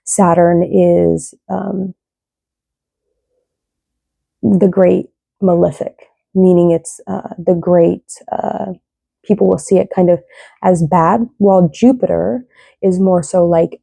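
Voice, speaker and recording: A woman's voice: lowish voice, steady tone, slow pace, vocal fry, long pauses, mellow, no room sound. A young woman giving a casual, rambling tarot reading, often tagging her sentences with "right?". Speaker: tarot reader.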